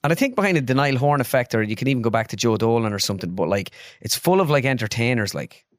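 A man with an Irish accent, a guest in casual chat, telling rambling, animated stories. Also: mid-range voice, racing, no echo, clean studio sound. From Ireland. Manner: rambling, animated, breaks into impressions.

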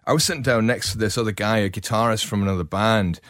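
A man's voice: on the low side, fast, fairly bright tone, no room sound, studio quality. A middle-aged man with a Scottish accent, hosting a podcast and telling stories in a chatty way, full of "like" fillers. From Glasgow, Scotland. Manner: chatty, frequent fillers and repeated "like". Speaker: podcast host. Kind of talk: casual conversational storytelling.

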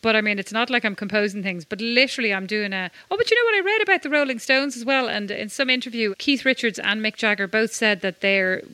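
A woman's voice: fairly high pitch, animated, quick pace, few pauses, sharp tone, no room sound. An Irish woman co-hosting a podcast, chatting casually and telling rambling, self-mocking stories. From Ireland. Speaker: podcast co-host. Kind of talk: casual chat.

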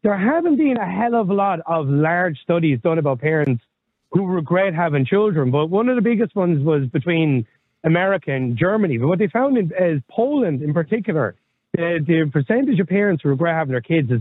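A man's voice: on the high side, animated, fairly quick, slightly rough, no echo. A man in his thirties co-hosting a podcast, chatting in a rambling, candid way and swearing casually. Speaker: podcast co-host. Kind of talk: casual chat. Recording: tinny phone-like line.

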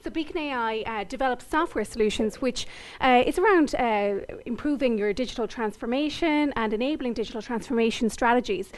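A woman's voice: on the high side, a little fast, few pauses. An Irish woman interviewed on the radio about her tech company, upbeat and confident. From Ireland. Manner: upbeat, confident business talk.

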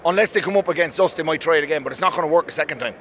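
A quick, emphatic middle-aged man with a Dublin Irish accent, speaking in a slightly raised voice. He is a rugby fan being interviewed outdoors on a busy city street, and his talk comes in rapid bursts. Traffic and street sounds are heard behind him. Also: on the high side. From Ireland. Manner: excited, emphatic, quick-talking. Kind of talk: street vox-pop interview.

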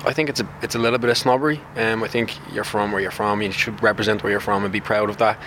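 A young man with a West Dublin accent, a drama student giving relaxed, halting answers. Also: on the low side, slight background noise. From West Dublin, Ireland.

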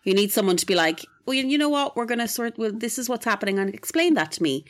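A woman's voice: a little high, sing-song, quick pace. A woman co-hosting a podcast in casual chat, listening supportively and reassuring. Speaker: podcast co-host.

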